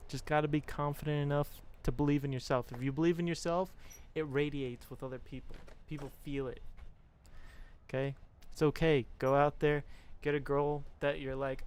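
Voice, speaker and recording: A man's voice: fairly high pitch, fairly even intonation, normal speed, long pauses, clear, resonant tone. Young man giving a frank pep talk. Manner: mimics quoted people in asides. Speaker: streamer. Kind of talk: casual chat to stream viewers.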